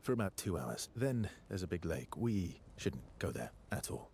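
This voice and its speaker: Brief: deep, calm, measured veteran guide in a game. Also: male voice, gravelly, full character voice. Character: calm, seasoned male expedition guide.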